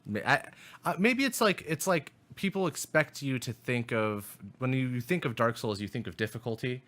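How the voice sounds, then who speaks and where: A young man in the middle of a casual gaming podcast, with an ordinary mid-pitched voice. He talks in quick bursts, swears freely, and often stops to restart his sentences. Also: animated, fairly bright tone. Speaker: podcast co-host.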